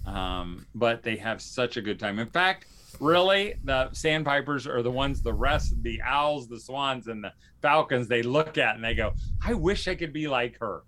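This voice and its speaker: A man's voice: on the low side, sharp tone. A man hosting a podcast in a casual, rambling way, with lots of fillers and restarts. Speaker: podcast host.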